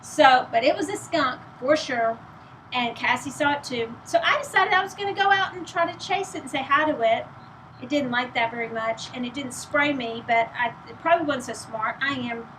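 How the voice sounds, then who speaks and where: Casual host, Texan woman, slightly high voice, ill and short of breath, talking loud and rambling over a noisy background. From East Texas. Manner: speaking loudly to carry, chatty and rambling. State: weak voice from illness, out of breath. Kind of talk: casual chat to camera.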